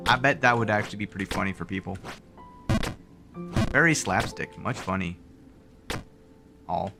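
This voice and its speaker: A man streaming a game live, joking and mocking himself with quick outbursts. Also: fairly low pitch, creaky. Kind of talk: live gameplay commentary. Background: game music.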